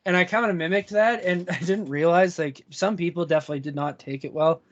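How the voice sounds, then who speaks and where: A man's voice: on the high side, brisk, no echo. Young man telling a story, lo-fi sound. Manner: laid-back, swears often, laughs through stories. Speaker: podcast co-host. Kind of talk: casual chat. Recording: dull lo-fi sound.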